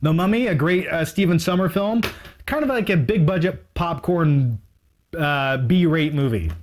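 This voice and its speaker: A man's voice: on the high side, lively intonation, measured pace, a little hiss or hum. A talkative man with a voice sitting a little above the usual male range, chatting about his shelf in an off-the-cuff, rambling way. He sounds eager and mocks his own slip-ups as he goes. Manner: rambling, enthusiastic, self-mocking. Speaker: movie collector showing his shelf. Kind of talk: casual unscripted video.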